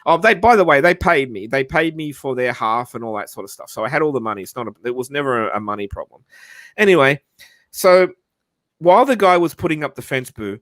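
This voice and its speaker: A man's voice: mid-range voice, expressive, a little fast, fairly bright tone, dry recording. Rambling Australian man, dry sound. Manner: rambling, lots of restarts and swearing. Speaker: livestream host. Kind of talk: casual storytelling chat.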